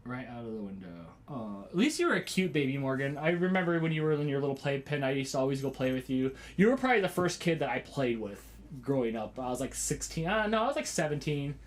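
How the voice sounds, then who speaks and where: A man's voice: medium pitch, sing-song, fast. A man in his thirties hosting a casual home livestream, rambling and chatting with viewers and often exclaiming as he goes.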